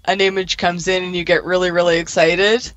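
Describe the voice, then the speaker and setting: A co-host joins a live stargazing stream over a video call, asking curious questions and slipping in jokes. The audio is dull and lo-fi, dry and close, at a middle pitch. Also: level tone, a little fast, fairly bright tone, no room sound. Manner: curious, joking. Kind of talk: casual live-stream talk.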